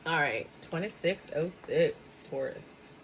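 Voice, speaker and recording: A woman's voice: low voice, lively intonation, measured pace, creaky, slight background noise, low-quality recording. A woman giving a casual tarot reading, chatty and dramatic, sometimes slipping into a sing-song tone. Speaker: tarot reader.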